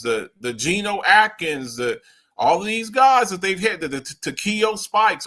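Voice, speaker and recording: A man hosting sports talk, ranting in an animated way with big swings of pitch and loudness. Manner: loud, excitable, swings high and low in pitch, slips into mock voices.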